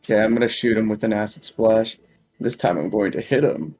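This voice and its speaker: A man's voice: lowish voice, fairly quick, a little mellow, soft background music. A man taking his turn in a tabletop game, chatting casually and laughing. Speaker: player.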